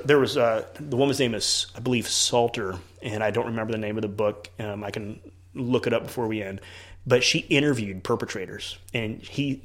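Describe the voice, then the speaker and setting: A man's voice: fairly low pitch, fairly bright tone. A man who is a church leader and parent, talking earnestly in a casual podcast conversation and acting out quoted dialogue.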